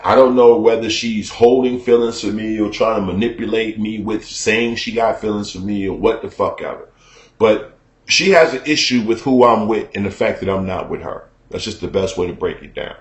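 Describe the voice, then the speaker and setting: A man with a lowish voice, recorded with noticeable reverb, tells his viewers a personal story on camera. It comes out as a casual, profane rant, and he keeps checking in with whoever's listening.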